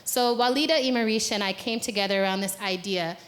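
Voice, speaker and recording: A fast-talking American woman with a mid-range voice serves as speaker and organizer at a conference venue. She leads the audience in a guided exercise, then delivers a playful, conversational talk from the stage, laughing at her own jokes.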